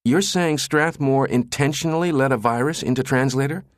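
A man's voice: mid-range voice, normal speed, no room sound, studio quality, voice pushed up, close to an everyday voice. A man voicing a nervous, exasperated male office assistant who pleads in a flustered way.

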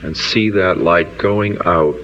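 Very deep, slow man guiding meditation. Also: fairly bright tone, slight background noise. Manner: slow, soothing, drawn-out phrases. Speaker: meditation leader. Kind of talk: guided meditation. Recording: dull lo-fi recording, faint ambience.

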